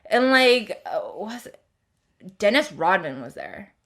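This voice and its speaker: A woman's voice: medium pitch, big pitch swings, takes it slowly, fairly bright tone. Giggly woman chatting on a podcast. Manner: giggly, filler-heavy, swears freely. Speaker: podcast co-host. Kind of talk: casual chat.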